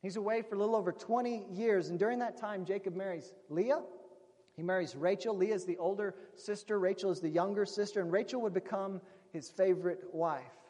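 A man's voice: high voice, brisk, mellow. A man preaching a sermon, retelling a story in a conversational way and calling his listeners friends. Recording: long reverb of a large hall.

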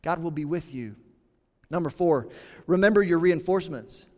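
A pastor preaching a sermon in an earnest, conversational way, with dramatic pauses. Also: male voice, fairly high pitch, lively intonation, dark tone, in a large hall.

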